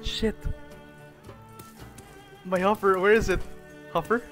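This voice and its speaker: A high-pitched young man narrates his own card game live, veering from hushed worry to shouted triumph and laughing often. He talks in a slow, drawn-out way between outbursts. Loud game music plays under his voice throughout. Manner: shouts and laughs in wild swings of excitement. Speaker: gaming video host. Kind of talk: excited live gameplay commentary. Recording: game music playing behind.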